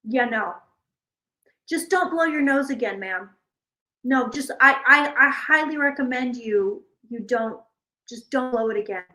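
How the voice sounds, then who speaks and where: A woman's voice: on the high side, unhurried, echoey room, poor audio. A woman playing a blunt, unhelpful female insurance phone rep who keeps brushing off the caller. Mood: dismissive. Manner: flat, dismissive, repeating "yeah, no".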